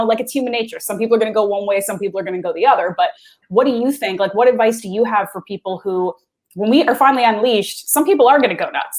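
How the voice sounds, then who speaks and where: A woman co-hosts a podcast in loose, chatty conversation. She talks fast and strings her thoughts together with frequent fillers, at a middle pitch. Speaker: podcast co-host.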